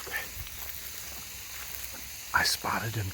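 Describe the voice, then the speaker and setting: A man hosting an outdoor vlog by a swamp, excitable and often dropping to a hushed whisper. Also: medium pitch, moderate pace, noisy background. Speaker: vlog host.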